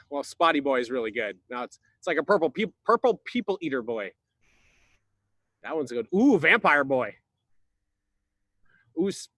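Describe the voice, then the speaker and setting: A man's voice: a little high, bright, forceful tone, dry recording, studio quality, exaggerated voice. A man playing Greg, a goofy drywall installer, rambling and confused through an improvised comic slideshow on a video call. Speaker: presenter in a slideshow game.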